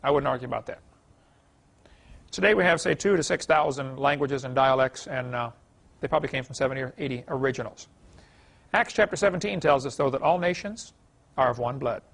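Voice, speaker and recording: A man's voice: medium pitch, brisk, creaky, pauses often, fairly bright tone. A middle-aged man giving a classroom lecture, folksy and chuckling as he tells anecdotes. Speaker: creation science lecturer.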